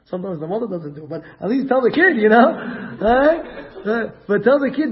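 High-pitched man giving an animated religious talk. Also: moderate pace, lo-fi sound. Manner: animated, acts out family dialogues. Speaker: Torah lecturer giving parenting advice.

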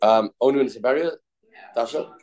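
A man's voice: medium pitch, a little fast, darkish tone. A man teaching a Talmud lesson, talking in a sing-song study rhythm, repeating phrases and mixing English with Hebrew and Aramaic terms while answering students.

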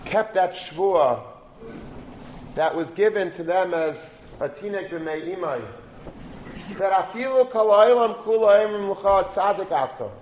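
A man giving a storytelling sermon, moving between animated retelling and forceful exhortation. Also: high voice, measured pace, slight background noise. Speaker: preacher. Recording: roomy recording with faint background.

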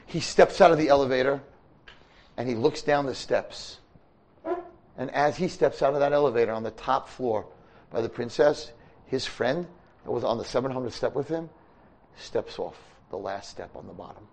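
An older man, a rabbi and teacher, giving a storytelling sermon in a yeshiva study hall, animated and breaking into shouts. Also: mid-range voice, normal speed, vocal fry.

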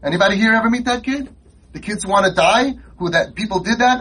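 A man's voice: sits high, brisk, fairly bright tone, husky, low-quality recording. A man giving an impassioned, rhetorical speech at a conference, repeating his lines for emphasis. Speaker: conference speaker. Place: conference hall.

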